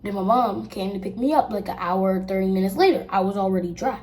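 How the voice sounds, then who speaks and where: A woman's voice: medium pitch, quick pace, a little mellow. A young girl vlogging at home, telling a casual storytime and acting out the people she quotes. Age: child. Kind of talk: storytime while getting ready.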